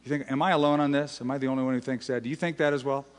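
A male pastor preaching a sermon, swinging between loud emphasis and quiet, drawn-out phrases. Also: medium pitch, steady tone. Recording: long hall reverb.

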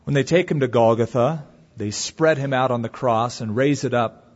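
A man preaching a sermon to a congregation, reading scripture aloud and expounding it with dramatic pauses. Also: medium pitch, darkish tone. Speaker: pastor. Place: church or hall before a congregation. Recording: dull lo-fi recording with long hall reverb.

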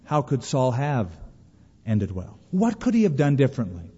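A man's voice: mid-range voice, huge pitch swings, moderate pace, dark tone, breathy edge. Give me a man preaching a sermon with emphatic storytelling, in a dull lo-fi hall recording. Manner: emphatic storytelling, quoting scripture. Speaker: pastor.

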